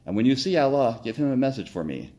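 A man voicing a calm accented blood-drinking creature. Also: mid-range voice, fast, pitched above the performer's own voice, close to an everyday voice. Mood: calm menacing. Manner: calm, speaks with a heavy accent.

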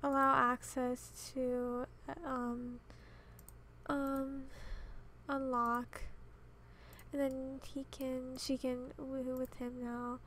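High-voiced young woman, exasperated gamer. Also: completely flat delivery, extremely slow, pauses often, fairly bright tone, slight background noise. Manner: frustrated, exasperated muttering at the game. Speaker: gaming channel host. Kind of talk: casual gameplay commentary.

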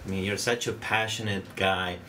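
A man with a Spanish accent hosts a relaxed interview podcast. His voice sits on the low side and he circles his questions with fillers and restarts. Clear background noise hangs in the room. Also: moderate pace. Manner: hesitant, many fillers and restarts. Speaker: podcast host. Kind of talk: casual interview chat.

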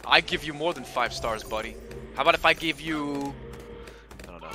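A man streaming a game, rambling and swearing, swinging between loud outbursts and low mumbling. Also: moderate pace. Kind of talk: casual live-stream commentary. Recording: faint game music behind.

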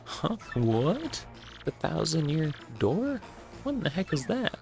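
A gamer voicing a boastful, brutish turtle king villain with loud, huffy delivery. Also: medium pitch, very animated, takes it slowly, faint music behind. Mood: indignant.

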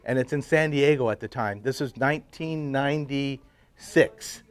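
A middle-aged man telling his personal faith story to a men's group, drifting into hushed, emotional moments. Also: mid-range voice, unhurried. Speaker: testimony speaker at men's breakfast.

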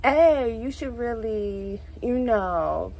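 Young woman, houston accent, vlog storytelling, animated, swears a lot, fairly high voice. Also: drawn-out words, creaky, poor audio. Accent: Southern US, Houston. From Texas, USA. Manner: animated, swearing, many "like" and "literally" fillers. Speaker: vlogger. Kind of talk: casual storytelling to camera.

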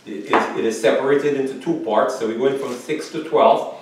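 A man's voice: moderate pace, recorded from a distance. Man preaching in an echoey hall. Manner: preaching, rises loud and high reading scripture; asks the congregation "Amen?". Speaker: pastor. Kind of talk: sermon.

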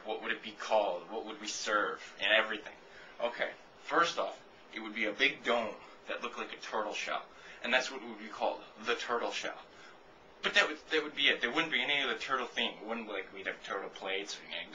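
Sharp-voiced sarcastic man in his twenties. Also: mid-range voice, slight background noise, poor audio. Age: 20s. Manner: rambling, sarcastic, swears freely. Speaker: vlogger answering a viewer question. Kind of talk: casual comic rant.

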